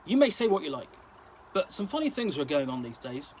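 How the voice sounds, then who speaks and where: A man reading a story aloud in lively, slangy storyteller fashion, now and then stumbling over words. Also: fairly high pitch, fairly quick, slight background noise, poor audio. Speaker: reader. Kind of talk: story reading in a present-tense gangster-slang voice.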